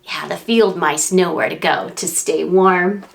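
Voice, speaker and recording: A woman librarian reading a picture book aloud to preschoolers, animated and sing-song, making animal and wind sounds as she goes. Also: lowish voice, unhurried, creaky. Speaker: children's librarian.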